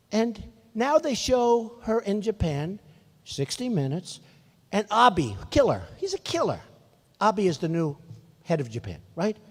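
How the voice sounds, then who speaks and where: A man's voice: sits high, long reverb tail. Older man giving a boastful rally speech. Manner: rambling, boastful, repetitive asides to the crowd. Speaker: political candidate at a rally. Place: large rally venue.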